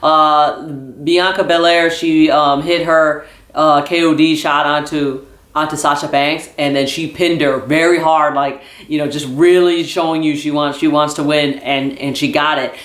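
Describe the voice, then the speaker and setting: A man recapping a wrestling show in a casual vlog, rambling with many fillers and restarts like an excited fan. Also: fairly high pitch, a little slow, echoey room. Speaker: wrestling vlogger.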